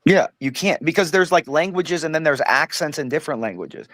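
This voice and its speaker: A man's voice: fairly high pitch, lively intonation, brisk, a bit bright, no room sound. An American man from Southern California arguing in a casual group chat, pushy and calling others "dude" and "bro.". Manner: argumentative, says "dude" and "bro".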